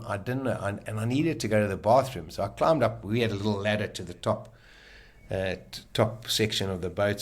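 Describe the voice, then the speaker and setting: A man, a guest on a podcast, telling a personal story in a vivid, animated way and acting out the lines people said. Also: on the low side.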